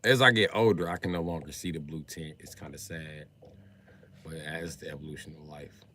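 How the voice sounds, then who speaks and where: Deep-voiced, forceful male streamer ranting. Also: fairly quick, slight background noise. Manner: profane, animated ranting with sudden loud outbursts. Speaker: live streamer. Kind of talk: casual live-stream chat.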